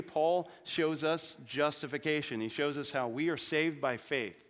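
With a long hall reverb around him, a male pastor delivers an earnest sermon. He builds his voice up to stress key points, then drops it low and quiet when the message turns solemn.

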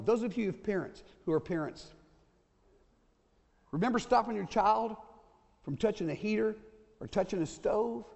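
High-voiced older preacher in a reverberant church. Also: male voice, lively intonation, normal speed, vocal fry, long pauses, darkish tone. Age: 60s. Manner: folksy, repeats key points, asks the congregation "okay?". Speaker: pastor. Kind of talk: sermon. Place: church sanctuary.

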